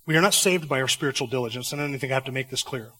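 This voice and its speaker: A man's voice: mid-range voice, racing, bright, forceful tone, long reverb tail, rough recording. A man preaching a sermon from the pulpit, fervent, with rising emphatic phrases. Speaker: pastor. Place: church sanctuary.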